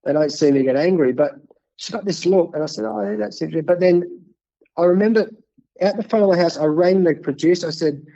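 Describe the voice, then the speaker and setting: Speaking with a high, creaky voice at a fairly brisk clip, this Australian cricket coach in his fifties is being interviewed. He tells lively, casual stories and repeats words often, captured on lo-fi audio.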